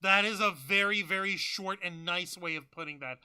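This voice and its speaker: Bright, high-voiced excitable podcast host man. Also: normal speed, smooth. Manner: profane, excitable, many fillers. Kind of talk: casual chat.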